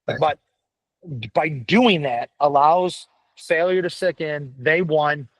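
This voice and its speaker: Gruff, blunt middle-aged man, fairly high voice. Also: slow, dry recording, poor audio. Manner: blunt, profane, animated storytelling. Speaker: podcast guest, firefighter paramedic. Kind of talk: casual chat.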